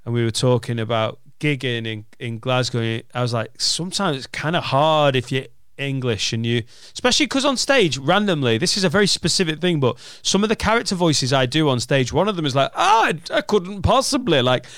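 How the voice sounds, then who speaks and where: Lancashire comic, sweary banter, smooth resonant tone, dry close mic. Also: male voice, medium pitch, lively intonation, a little fast, hardly any pauses, a bit bright, no room sound. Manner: sweary, joking, storytelling. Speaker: comedian and podcast host. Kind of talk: casual podcast chat.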